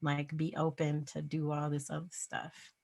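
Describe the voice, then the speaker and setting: A woman's voice: deep voice, completely flat delivery, measured pace, a little mellow. A woman guest in a video interview, speaking candidly and reflectively, laughing between thoughts. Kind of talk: casual video interview chat.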